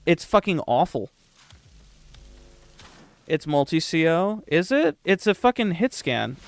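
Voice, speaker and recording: A young man hosts a live game stream, answering chat in a loose, rambling way that is full of swearing and dry sarcasm. His voice sits a bit high for a man and comes through smooth and clear. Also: lively intonation, slow, no room sound.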